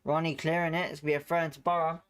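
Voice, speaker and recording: A man with a slightly high voice hosts a live football watchalong. He runs excitable play-by-play and reacts loudly to the chances. Between plays he greets the chat viewers in a casual, friendly way. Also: rapid-fire, clean tone. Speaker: watchalong host.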